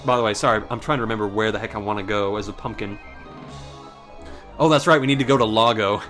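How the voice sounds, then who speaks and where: A man's voice: on the low side, quick pace, a bit bright, soft background music. A young man casually commentating a video game, rambling through a sarcastic story about work and swearing freely. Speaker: gameplay commentator. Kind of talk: casual let's play commentary.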